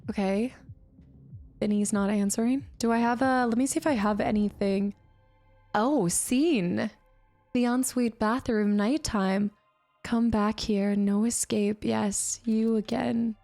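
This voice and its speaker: A woman's voice: fairly high pitch, steady tone, slow pace, dark tone, faint music behind. A woman chatting casually as she streams a game and thanks viewers by name. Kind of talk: casual live gameplay commentary.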